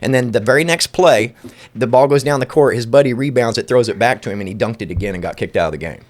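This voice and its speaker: A man's voice: mid-range voice, fast talker. A middle-aged man, telling loose, profane stories on a casual podcast. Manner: profane storytelling, acts out quoted voices. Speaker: podcast host. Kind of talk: uncensored casual chat.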